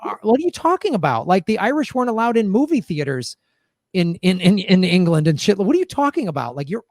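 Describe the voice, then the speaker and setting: Animated high-voiced man telling a story. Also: quick pace, no echo, studio quality. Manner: animated storytelling, quotes others. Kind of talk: casual podcast chat.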